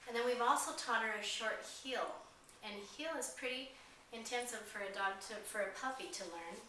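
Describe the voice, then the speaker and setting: A woman dog trainer explaining a training routine step by step in a calm instructional demonstration, pausing with frequent fillers. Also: a little high. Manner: explains steps calmly, with frequent "um"s. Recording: very echoey, distant mic, faint noise.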